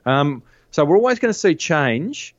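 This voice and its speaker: A man's voice: fairly high pitch, big pitch swings, moderate pace, no room sound. A man, chatting as a guest on a podcast about marketing, with frequent restarts. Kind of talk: casual interview chat. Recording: dull, dry lo-fi sound.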